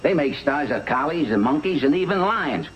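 An actor playing an older uncle who cooks for the family, trading wry, grumbling one-liners in a 1960s sitcom. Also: male voice, on the high side, animated, normal speed, highs cut off, lightly acted. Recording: noisy old TV soundtrack.

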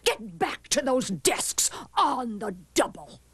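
Brief: scratchy, menacing teacher from a storybook, voiced by a woman, bossy and pitched up, swooping delivery. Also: big pitch swings, slow pace, a bit bright, husky, no room sound, full character voice. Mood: stern. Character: stern scary substitute teacher woman.

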